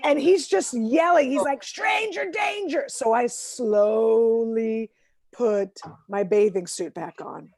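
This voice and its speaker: A woman's voice: fairly high pitch, slow, warm tone, dry recording. A woman performing stand-up comedy over a video call, telling exasperated stories full of acted quotes. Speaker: headlining comedian.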